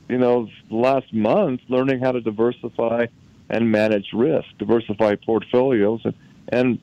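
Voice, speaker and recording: A man from Utah, a guest recounting a personal story in conversation, halting and often repeating words as he recalls events. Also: mid-range voice, dry recording, muffled recording.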